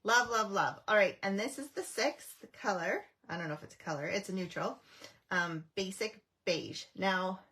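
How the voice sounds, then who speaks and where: A woman's voice: medium pitch, normal speed, sharp tone, breathy edge. A middle-aged woman from Canada hosting a casual craft live stream, chatting with viewers, greeting them by name, with frequent ums and restarts.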